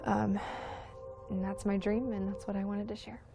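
A woman telling a personal testimony about a dream, in a soft, halting way with many pauses and fillers. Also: mid-range voice, level tone, creaky, breathy edge, soft background music. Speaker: guest sharing a dream.

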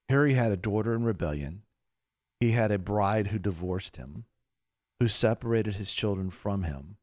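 A man's voice: lowish voice, a little mellow, no echo, clean studio sound. A man hosting a radio ministry show, preaching in an earnest, plain-spoken way and giving on-air announcements. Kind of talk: sermon commentary and radio announcements.

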